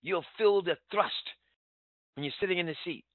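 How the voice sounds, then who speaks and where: A man's voice: high-pitched, moderate pace, no echo. Urgent, emphatic male motivational trainer; dry, phone-quality sound. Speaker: sales trainer. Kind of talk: motivational business training talk. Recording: tinny phone-like line, dry.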